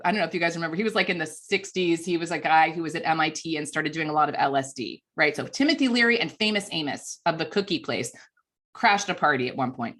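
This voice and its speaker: A woman's voice: sits low, fast. Chatty woman in her fifties telling stories. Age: 50s. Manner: lively, chatty, self-deprecating. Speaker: communications coach. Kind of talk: storytelling speech at a conference.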